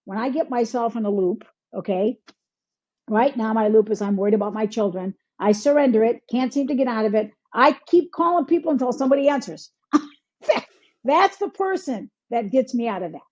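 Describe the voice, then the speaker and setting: A high-voiced woman with a husky, breathy tone and a mellow, dark color. She is a healer and coach talking through a conversational interview, acting out people's inner self-talk in quoted voices. The recording sounds dull and lo-fi. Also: lively intonation, moderate pace. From Michigan, United States.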